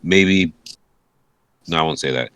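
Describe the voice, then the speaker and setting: A man's voice: a bass voice, measured pace, pushed and bright, clear, resonant tone, dry recording. A man co-hosting a podcast, rambling through exasperated complaints. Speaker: podcast co-host. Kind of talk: casual chat.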